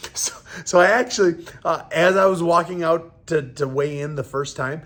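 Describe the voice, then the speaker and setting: A man in his thirties, a professional fighter, telling a story casually in a halting way and acting out the lines of the people in it. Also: fairly high pitch, fairly bright tone. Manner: halting retelling, acting out quoted dialogue.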